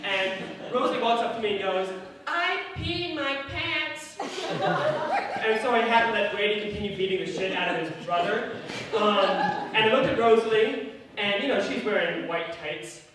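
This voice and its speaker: A man's voice: sits high, brisk. A young man doing a stand-up set at a comedy club, self-deprecating and rambling with fillers. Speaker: stand-up comic. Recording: echoey room from far off, loud crowd. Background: audience laughing.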